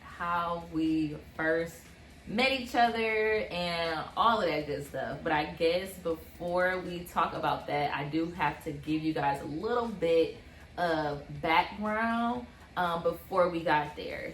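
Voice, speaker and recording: A young woman in her twenties, casually telling a personal story on a couple's vlog, animated and full of fillers. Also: on the low side, reverberant, slight background noise. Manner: animated, many fillers, acts out quotes. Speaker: vlog co-host.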